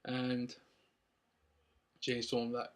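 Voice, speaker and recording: A young Londoner with a London accent recaps a wrestling show casually, his medium-pitched voice completely flat and extremely slow. He rambles upbeat, with many ums and likes.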